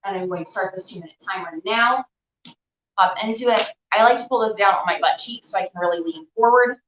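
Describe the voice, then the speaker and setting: A woman's voice: mid-range voice, brisk, fairly bright tone, a little hiss or hum. Chatty young woman coaching a stretch. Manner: chatty, encouraging, filler-heavy. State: out of breath while stretching. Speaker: stretching instructor. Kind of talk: live stretching class. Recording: echoey room, dull lo-fi sound.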